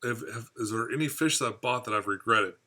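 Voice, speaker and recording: A man's voice: medium pitch, brisk, pushed and bright. A man from the United States hosting a casual live stream about his aquarium hobby. He rambles and chats while answering viewer comments. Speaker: aquarium hobby channel host.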